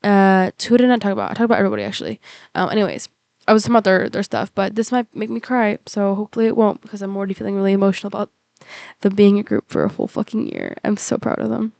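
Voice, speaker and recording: A woman's voice: mid-range voice, sing-song, racing, vocal fry, a little mellow, no echo. A young woman chatting casually and rambling as a K-pop reaction vlogger, with lots of fillers and restarts, and emotional at times. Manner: emotional, on the verge of tears. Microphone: computer mic.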